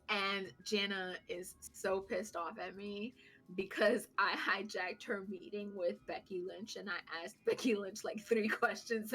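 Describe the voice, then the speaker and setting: Bright-voiced woman telling an animated story. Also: mid-range voice. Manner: animated, laughing storyteller acting out quotes. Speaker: podcast co-host. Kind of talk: casual chat storytelling.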